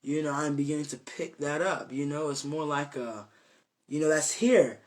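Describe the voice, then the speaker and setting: A man's voice: on the high side, moderate pace. A young man giving an informal, earnest devotional talk, rambling with many fillers and restarts. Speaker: self-made preacher.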